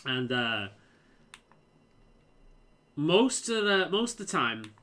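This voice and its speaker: A man's voice: on the high side, sing-song, extremely slow, bright, forceful tone. A young man from Liverpool with a mild Scouse accent and a slight American twang, rambling and swearing casually while he plays a game. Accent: mild Scouse with some American twang. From Liverpool, England. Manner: rambling, sweary, self-mocking. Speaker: gaming video creator.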